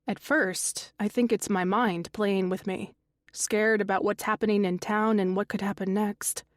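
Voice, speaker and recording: Slow, measured woman narrating a thriller. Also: steady tone, no room sound, studio quality. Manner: slow, measured reading with lifted pitch for quoted characters. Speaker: audiobook narrator. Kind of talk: scripted narration.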